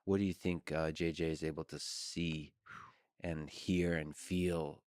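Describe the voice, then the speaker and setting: A man with a low voice hosts a conversational interview. He asks curious questions and drops playful jokes between them. The sound is dry and close to the mic. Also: level tone, a little slow, darkish tone, no room sound. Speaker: interview host.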